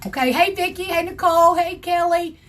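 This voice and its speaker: An older woman from South Carolina with a Southern accent, her voice hoarse, chatting in a folksy way as she hosts a crafting livestream tutorial from her home craft room. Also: very high-pitched, a little fast, a bit bright. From South Carolina, USA. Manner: chatty, folksy, greets viewers by name.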